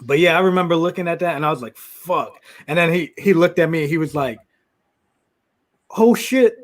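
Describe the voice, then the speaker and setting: Man, a bit high-pitched, casual chat, swears, laughs through stories. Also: steady tone, racing. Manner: profane, laughing retelling with quoted lines. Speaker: podcast co-host.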